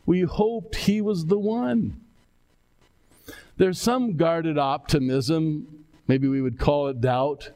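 A man's voice: fairly high pitch, a little mellow. An older man, a pastor, preaching a reflective sermon and at times voicing the words he imagines from scripture. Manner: reflective, imagines the speech of the scripture figures aloud.

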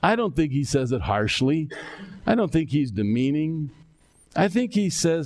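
A man's voice: a little high, sing-song, unhurried, darkish tone. An older man, a pastor, preaching a reflective sermon and at times voicing the words he imagines from scripture. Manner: reflective, imagines the speech of the scripture figures aloud.

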